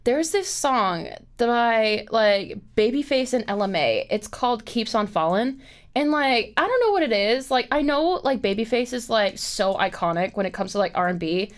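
A woman's voice: a little high, expressive, moderate pace. Chatty young woman podcast host. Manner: chatty, full of "like" fillers and swearing. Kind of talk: casual chat.

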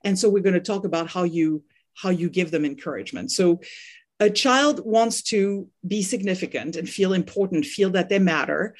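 A woman's voice: fairly low pitch, normal speed. Earnest French-accented woman coach. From France. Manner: earnest, repeats words while thinking. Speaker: parenting coach guest. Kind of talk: podcast interview.

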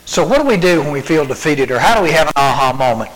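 Animated preacher man. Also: fairly high pitch, fast talker, low-quality recording. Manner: animated storytelling, acting out quoted lines. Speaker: youth camp preacher. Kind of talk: sermon.

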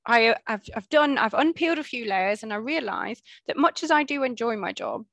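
A woman's voice: a little high, animated, a little fast, creaky, fairly bright tone. A middle-aged woman hosting a podcast, chatting casually with her guest and often restarting her sentences. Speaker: podcast host. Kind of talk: casual interview chat.

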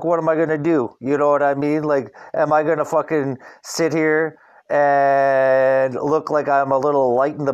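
A young man from Canada hosting a podcast, rambling in a casual rant and swearing constantly. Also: on the high side. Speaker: podcast host. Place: Vancouver.

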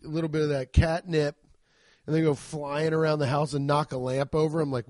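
A man's voice: fairly high pitch, steady tone, brisk, a little mellow, no room sound, clean studio sound. A young man from the Cincinnati area hosting a podcast, rambling and joking with plenty of profanity. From Cincinnati area, Ohio. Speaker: podcast host. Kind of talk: casual comedic podcast monologue.

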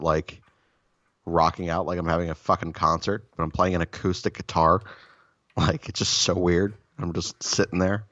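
A man with a very deep voice tells rambling, self-mocking stories full of swearing. The talk is loose and casual. The recording sounds slightly dull and muffled. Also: a bit bright. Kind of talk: casual storytelling chat.

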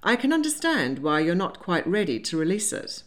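A woman voicing a composed, dryly amused young Regency gentleman in an audiobook. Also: lowish voice, very animated, moderate pace. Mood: wry. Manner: wry, teasing, composed.

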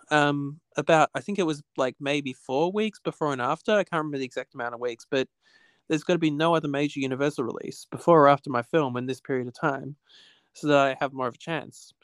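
Smooth-voiced man rambling. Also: fairly high pitch, fairly quick, no echo, clean studio sound. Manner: rambling, repeats "basically", restarts often. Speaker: podcast guest. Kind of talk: casual conversation. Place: home with cats.

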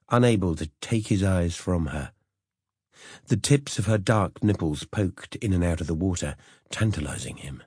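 A male audiobook narrator with a deep, husky, slightly mellow voice reads scripted narration. The recording is studio quality with no room sound.

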